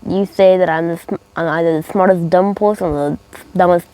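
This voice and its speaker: A man's voice: high-pitched, fairly even intonation, brisk, a little mellow, dry recording, rough recording. A teenage boy co-hosting a family podcast with his father, playful and tripping over restarts. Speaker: son and podcast co-host. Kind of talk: casual family podcast chat.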